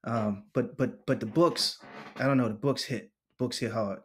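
A man in his forties telling stories casually in an interview, slangy and lively, acting out other people's voices and laughing often. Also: medium pitch, normal speed, slightly rough. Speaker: interviewee, poet.

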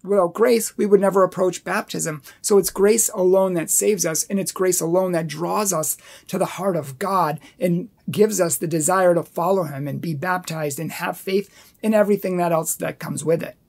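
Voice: medium pitch, moderate pace, creaky, a little mellow, breathy edge. A Catholic apologetics host rebutting a book in an emphatic commentary video, repeating points for stress and challenging viewers directly.

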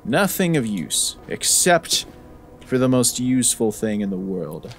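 A man's voice: medium pitch, big pitch swings, unhurried, soft background music. A man commenting on a horror game as he plays, with joking, sarcastic asides. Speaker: gaming video host. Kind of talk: let's-play commentary.

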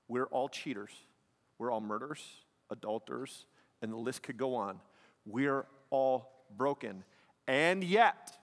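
A pastor with a mid-range, slightly bright voice preaches emphatically yet conversationally in a church sanctuary, often dropping "man" and "like" between points. The recording carries the long reverb of a large hall.

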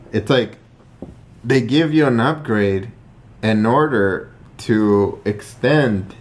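A man arguing in casual chat, stubborn and dismissive. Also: fairly low pitch. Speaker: vlogger's partner.

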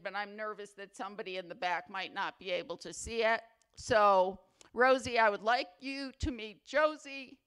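Slow-spoken, playful woman giving an award speech. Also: fairly high pitch, fairly bright tone, clean tone. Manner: chatty and playfully humorous; affectionate, sentimental. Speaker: faculty award recipient. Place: awards ceremony venue.

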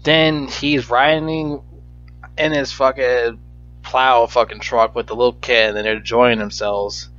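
A man's voice: medium pitch, steady tone, measured pace, a bit bright. Profane, exasperated man ranting. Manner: profane, exasperated, stammering restarts. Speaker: movie reviewer. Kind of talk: ranting movie review. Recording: dull lo-fi recording with faint music.

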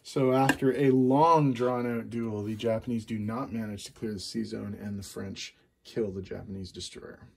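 A man narrating his own board game turn by turn, calling out each dice roll in a steady, methodical way. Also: fairly low pitch, normal speed, creaky. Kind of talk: play-by-play board game commentary. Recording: loud background noise.

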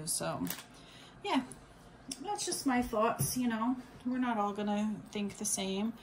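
A woman's voice: medium pitch, takes it slowly, slight background noise. A woman vlogger chatting casually about a subscription box, rambling with lots of fillers and restarts. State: has the hiccups. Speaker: unboxing vlogger. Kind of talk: casual unboxing chat.

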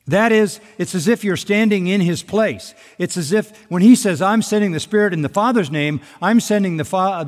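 A man preaching an expository sermon as pastor, emphatic and fond of repeating key phrases. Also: on the high side. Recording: hall reverb.

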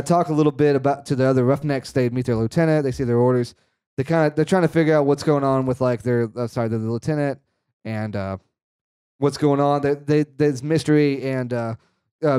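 A man's voice: medium pitch, mellow, clean tone. A man co-hosting a casual movie podcast, recapping the plot in a loose, rambling way with lots of asides. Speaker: podcast co-host.

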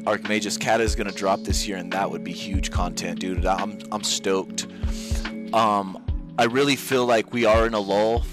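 Young man, gaming streamer, low voice, rambling jokey chat, gamer slang, music playing behind. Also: fairly even intonation, moderate pace. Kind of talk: casual joking chat. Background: background music.

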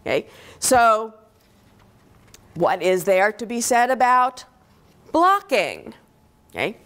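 Woman professor lecturing in a hall; a higher voice and slow deliberate pace, explaining patiently with "okay?" check-ins. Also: sing-song, fairly bright tone. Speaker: linguistics professor giving a lecture. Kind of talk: university lecture.

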